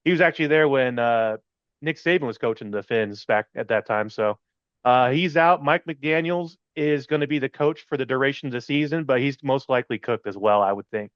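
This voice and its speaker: A man's voice: medium pitch, brisk, a bit bright, clean tone, no echo. A man co-hosting a sports podcast, jokey and playful, laughing often between his takes. His recording is dry with no room sound. The sound is a bit dull and lo-fi. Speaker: podcast co-host. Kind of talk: casual sports podcast chat.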